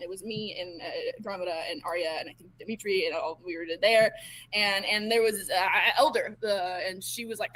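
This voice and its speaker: A woman, a tabletop role-playing player, retelling events in character in a halting way, with plenty of stammers, fillers and restarts. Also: mid-range voice, a bit bright, poor audio.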